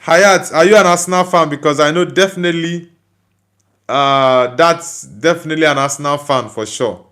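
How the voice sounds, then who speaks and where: A man's voice: fairly high pitch, normal speed, a bit bright. Nigerian man hosting a chatty livestream. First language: Igbo. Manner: reads out viewer comments and replies chattily. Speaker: host. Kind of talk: casual livestream chat.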